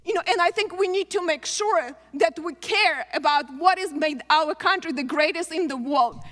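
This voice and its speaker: An immigrant woman with a foreign accent giving an earnest, halting floor speech in a legislative chamber. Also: very high voice, a bit bright. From abroad. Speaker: congresswoman. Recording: long reverb of a large chamber.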